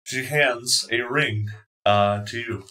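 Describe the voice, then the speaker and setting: A man acting as dungeon master, calmly narrating and calling for dice rolls with a relaxed, chuckling manner. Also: medium pitch, slow pace, slight background noise. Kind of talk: running a tabletop game.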